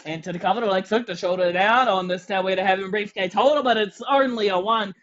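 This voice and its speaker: Excitable play-by-play wrestling commentator. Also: medium pitch, quick pace, highs cut off. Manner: excitable, shouting on big moves.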